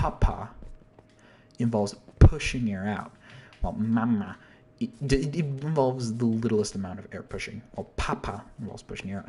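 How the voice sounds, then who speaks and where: Walking through a song's lyrics in a loose, rambling way, this host half-sings and quotes lines, corrects himself and frequently slips into a whisper. His voice is fairly low and warm, with a little hiss or hum.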